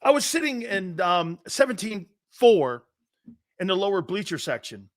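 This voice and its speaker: A man in his fifties from the northeastern United States, hosting a sports talk show in a casual, joking way and reading out viewer comments. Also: high voice. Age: 50s. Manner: animated, joking, quick to laugh.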